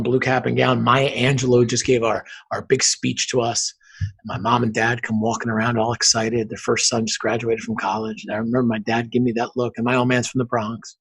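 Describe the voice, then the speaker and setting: A man's voice: medium pitch, husky. A man, a podcast guest earnestly telling his life story and acting out remembered conversations. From northern New Jersey. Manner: earnest storyteller who acts out quoted dialogue. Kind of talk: storytelling interview talk.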